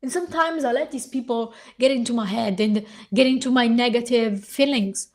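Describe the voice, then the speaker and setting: High-pitched woman ranting angrily. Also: moderate pace. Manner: heated, profane, ranting while reading aloud. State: hoarse. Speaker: vlogger. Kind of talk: angry reaction rant.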